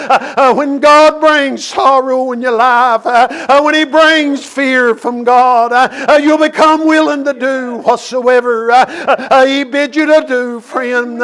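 Male preacher, very high voice, chanted delivery broken by "uh" fillers. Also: a bit bright. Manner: rhythmic preaching with constant "uh" fillers. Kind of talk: chanted sermon.

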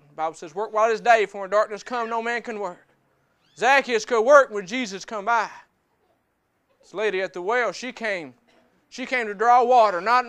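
The clip captures a church sermon in which a man draws on both scripture and his own testimony, repeating phrases for emphasis in a plain, folksy manner. His voice is high, pushed and bright, with a clear, resonant tone.

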